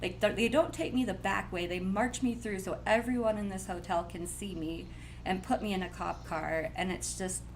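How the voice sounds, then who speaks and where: A woman telling a personal story in a casual, blunt, animated way. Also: medium pitch, normal speed, slight background noise, poor audio.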